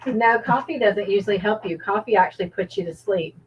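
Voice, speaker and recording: A woman's voice: medium pitch, brisk, husky, muffled recording. A woman hosting a livestream trivia game, cheerfully reading out viewers' comments and laughing often.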